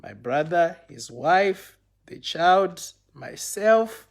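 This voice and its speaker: Young man, slightly higher voice, loose rambling storyteller who keeps asking viewers if they follow. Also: lively intonation, extremely slow, vocal fry. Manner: rambling, repeats phrases, checks in with viewers. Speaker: storyteller on a livestream. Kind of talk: casual livestream storytelling.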